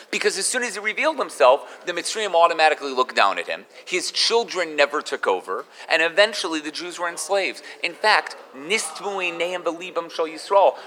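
Bright-voiced man teaching a Torah class. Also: on the high side, long reverb tail. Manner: animated, mixes in Hebrew terms. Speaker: rabbi giving a Torah class.

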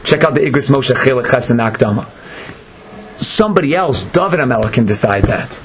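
A man giving an animated Torah lecture, dramatic and acting out the voices of the people in his story. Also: brisk, background noise. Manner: dramatic, acts out voices, swings between high and low. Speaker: Torah teacher.

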